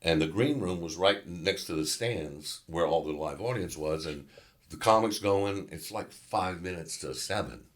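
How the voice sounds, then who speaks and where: Here the guest actor, a middle-aged man from Louisiana with a very deep voice, recounts a story a little slowly during an interview. He keeps it animated and easygoing, leaning on casual fillers throughout.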